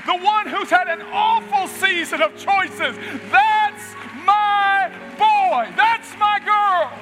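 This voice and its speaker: A preacher shouting as a proud heavenly father. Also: very high-pitched, slow pace, voice pushed up. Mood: proud, exultant. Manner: shouting with loud joyful pride. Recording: reverberant hall with faint music.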